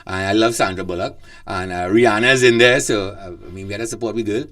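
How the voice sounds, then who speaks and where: A man's voice: on the low side, fairly even intonation, fast, a bit bright. A man, hosting a casual radio chat show, rambling with lots of fillers and laughs.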